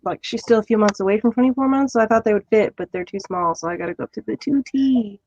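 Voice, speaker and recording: A woman's voice: on the high side, fast, darkish tone, dull audio. A young woman chatting casually about everyday errands, matter-of-fact. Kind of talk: casual chat.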